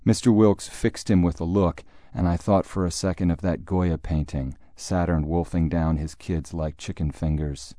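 A man's voice: low-pitched, fairly even intonation, moderate pace, hardly any pauses, dark tone, no echo. A man narrating a story in a dry, wry manner. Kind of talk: audiobook narration.

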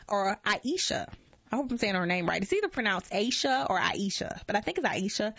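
Woman reading a magazine aloud, lively pitch. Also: vocal fry, dry recording. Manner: unhurried reading with frequent stumbles and self-corrections. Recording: dull lo-fi dry recording.

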